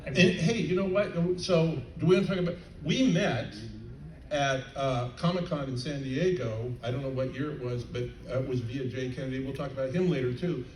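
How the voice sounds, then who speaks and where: An older man chatting on a convention panel, halting with many fillers and restarts. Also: medium pitch. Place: convention hall panel stage. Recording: roomy, distant, faint crowd noise.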